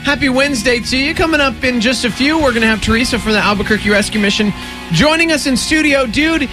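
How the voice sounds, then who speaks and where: A man with a very high voice hosts a morning radio show in the studio, joking around casually in a quick, jokey manner and laughing often. He's on a studio microphone, with music playing in the background.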